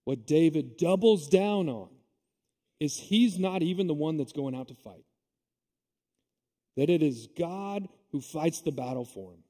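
A male pastor delivers a sermon in a friendly, emphatic way and drops in casual asides. His voice sits a bit high for a man but sounds mellow and dark. A long echo from the church hall follows every phrase. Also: expressive, measured pace, long pauses. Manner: conversational, emphatic preaching with asides. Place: church sanctuary.

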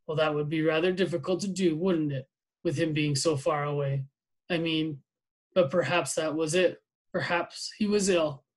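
A man voicing a stern senior commandant who questions slowly and pointedly. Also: on the high side, steady tone, natural voice. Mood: probing. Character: stern senior male commandant, probing and menacing.

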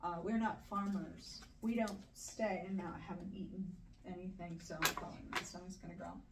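A woman's voice: fairly low pitch, steady tone, brisk, heavy background noise. A woman, an actress guest on a podcast, talking in a chatty, rambling way. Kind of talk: casual podcast chat. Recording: echoey room, mic at a distance.

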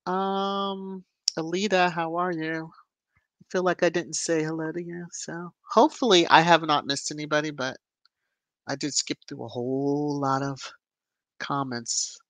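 A woman hosting a casual livestream, chatting and greeting viewers by name with lively rises in her voice. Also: deep voice, unhurried, no room sound. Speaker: livestream host. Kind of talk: casual live chat reading viewer comments.

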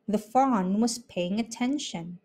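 Slow expressive woman reading a storybook. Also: medium pitch. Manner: expressive, unhurried. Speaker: storybook reader. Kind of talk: children's read-aloud narration.

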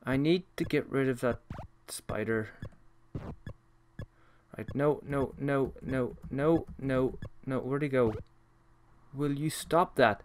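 A man's voice: medium pitch, lively intonation, measured pace, pauses often. A young man hosting a let's-play, chatting and reacting aloud to a retro game with self-deprecating humor. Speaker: host of a gaming channel. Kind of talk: casual let's-play commentary.

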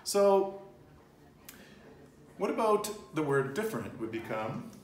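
This thirtysomething man teaches Spanish casually at home, speaking slowly in a fairly high voice with big pitch swings. Loose and talkative, he laughs readily and keeps restarting or straying off-topic, the roomy recording holding faint ambience.

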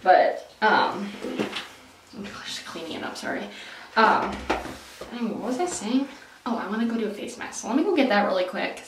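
A woman's voice: mid-range voice, expressive, normal speed, pauses often, distant mic, noisy background. Young woman vlogger, rambling casual chat, roomy echo, voice off-mic. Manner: chatty, lots of "like" and "um", breaks off mid-sentence. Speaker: beauty vlogger.

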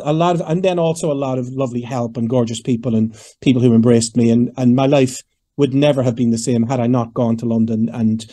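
A Northern Irish man in his fifties, a singer answering interview questions in a lively, storytelling way and acting out the voices of people he quotes. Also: mid-range voice. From Northern Ireland. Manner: animated, digressive, acts out quoted voices. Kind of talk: conversational storytelling.

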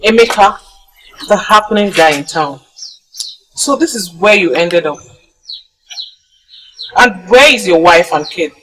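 A woman's voice: lowish voice, lively intonation, a little slow, pauses often, a bit bright, a little hiss or hum, poor audio. An actress with a Nigerian accent playing a mother seeking her child's father in a Nollywood drama, earnest and pressing. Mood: accusing. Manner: earnest, polite but pressing.

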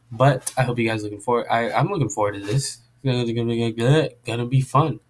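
Casual male vlogger, goofy and self-deprecating, average-pitched voice. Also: fairly even intonation, a little fast, a little hiss or hum. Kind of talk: casual vlog chat.

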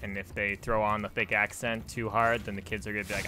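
A man giving casual, rambling commentary while playing a video game, chatty and quick to laugh. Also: on the low side, lively intonation, sharp tone. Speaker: let's play host.

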